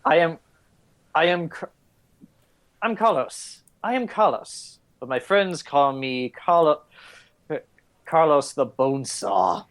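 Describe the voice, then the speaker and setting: A haughty, suave assassin who speaks slowly in a lowered voice. A man puts him on during a tabletop game. He sounds unhurried and faintly disdainful. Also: expressive, a bit bright.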